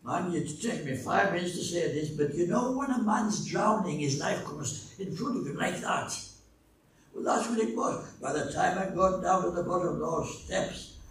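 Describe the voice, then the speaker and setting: An older man preaching a sermon and telling a story from his own life, slow and dramatic, with his pitch and loudness swinging widely. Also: expressive. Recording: echoey hall, speaker far from mic, faint noise.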